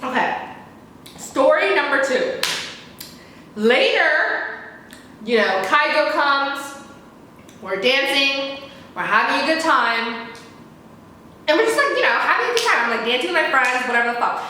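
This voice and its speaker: A young adult woman telling a story in a casual, fast, frantic rant, repeating herself and swearing. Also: sits high, very animated, bright, forceful tone, slight background noise. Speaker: vlogger. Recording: very echoey room.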